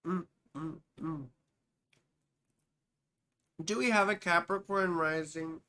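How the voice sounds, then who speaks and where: Woman, astrologer, slow talker, bright and sharp tone, rambling, affectionate pet names. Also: on the low side. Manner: chatty, calls the viewer sweetheart and baby; rambling, drifts into asides and apologies. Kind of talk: live chart reading stream.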